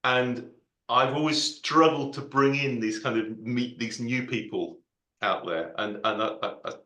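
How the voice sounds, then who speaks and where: A man's voice: medium pitch, a little slow, sharp tone, reverberant. A man asking a question on an online Q&A, hesitant and self-deprecating with many restarts. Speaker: Q&A participant. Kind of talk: casual online Q&A. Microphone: video call.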